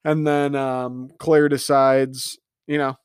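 A young man riffs on a dating show in a casual podcast recap, sarcastic and profane, tossing out mocking asides. His voice sits in a middle pitch. The sound is dry and close, with no room around it. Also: flat delivery, takes it slowly, clean tone, no room sound. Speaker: podcast host.

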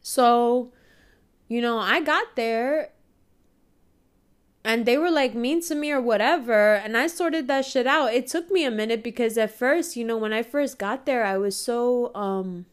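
A woman telling a personal story in a casual monologue, swearing freely and speaking with emphatic, animated energy. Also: fairly high pitch, measured pace.

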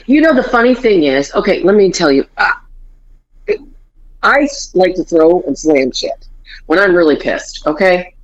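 Lively, swearing woman in her forties. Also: fairly low pitch, moderate pace, highs cut off. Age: 40s. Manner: animated storytelling, acts out family quotes, swears freely. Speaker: podcast co-host. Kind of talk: casual chat.

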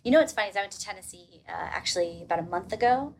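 A woman's voice: mid-range voice, animated, racing, creaky, a little hiss or hum, poor audio. A woman in her thirties chatting casually as a podcast guest, with a loose, filler-heavy way of talking.

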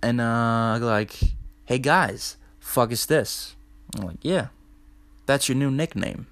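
A man's voice: mid-range voice, takes it slowly, a bit bright. A young man hosting a podcast, telling a loose, profane story in casual talk, full of "dude" and "like". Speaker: podcast host.

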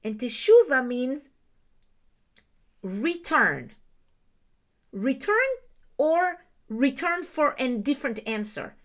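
A woman's voice: high voice, animated, unhurried, few pauses. A woman giving a reflective teaching talk on Jewish ideas, explaining terms and asking her listeners rhetorical questions.

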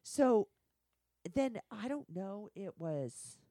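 A woman's voice: mid-range voice, drawn-out words, no echo, clean studio sound. A woman telling candid, profane stories from her work in a casual podcast conversation. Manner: blunt, profane, animated storytelling. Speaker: guest.

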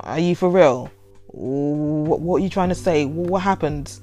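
A woman, casually reading out and reacting to overheard quotes, animated and given to laughing and playful drama. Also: deep voice, a little slow, soft background music. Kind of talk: casual chatty commentary.

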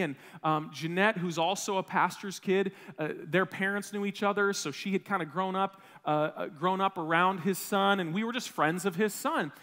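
A man in his thirties from Wisconsin, preaching a sermon as a pastor, telling a personal story in an animated, self-deprecating way with frequent restarts. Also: sits high. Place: church sanctuary. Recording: long reverb of a church hall.

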